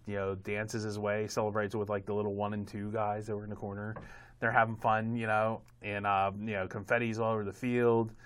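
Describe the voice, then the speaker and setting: Rambling low-voiced man on a podcast. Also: fairly bright tone, clean tone. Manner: rambling, self-amused, many fillers. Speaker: podcast co-host. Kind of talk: casual sports podcast chat.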